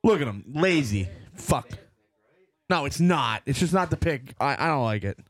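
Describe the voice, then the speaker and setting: A man's voice: medium pitch, animated, moderate pace, no echo. A man co-hosting a sports podcast, cursing and arguing heatedly in casual chat. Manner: profane, irritated, argumentative. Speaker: podcast co-host. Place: garage.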